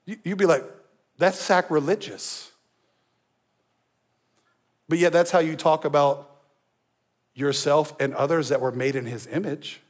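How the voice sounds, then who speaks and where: A man's voice: fairly high pitch, fairly even intonation, measured pace, pauses often. A male pastor preaching a sermon in a conversational, emphatic way, with asides to the congregation. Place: church.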